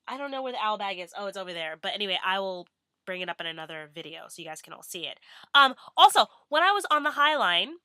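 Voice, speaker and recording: A woman's voice: mid-range voice, bright, forceful tone, no room sound, studio quality. A young woman vlogging in a bubbly, rambling way with many fillers. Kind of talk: casual chatty vlog.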